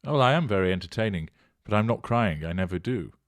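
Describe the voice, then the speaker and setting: A man with a British accent, hosting a channel and answering viewer comments in a mocking, deliberate way. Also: lowish voice, lively intonation, no room sound. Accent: British English. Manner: sardonic, mocking, deliberate and measured.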